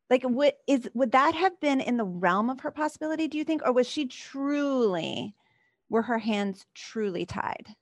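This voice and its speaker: A woman's voice: high-pitched, expressive, moderate pace, no room sound. A woman hosting a casual chat, asking supportive, probing questions. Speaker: podcast host.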